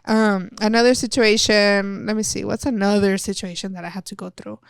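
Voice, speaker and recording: Smooth-voiced woman. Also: mid-range voice, brisk, no echo, studio quality. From El Paso, Texas. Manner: candid and animated, swears freely, acts out quoted dialogue. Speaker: podcast guest, wrestler. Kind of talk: casual interview storytelling.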